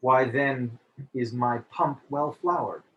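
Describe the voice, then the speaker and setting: A man reading the part of a young nobleman in a quick, bantering exchange of jests, during a cold read over a video call. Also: mid-range voice, lo-fi sound, close to an everyday voice. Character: lovesick young male nobleman trading jests. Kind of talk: cold read of a stage play.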